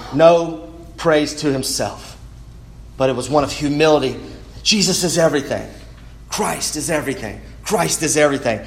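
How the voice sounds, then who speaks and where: A man preaching a sermon in an earnest way, often restarting words as he goes. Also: on the high side. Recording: roomy echo.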